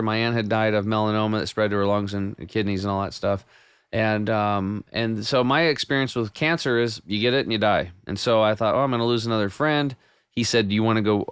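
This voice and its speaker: A man guest on a podcast, telling his health story in a casual, animated way with many restarts. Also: lowish voice, smooth, dry recording, clean studio sound. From United States. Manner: animated storyteller with frequent restarts and quoted self-talk.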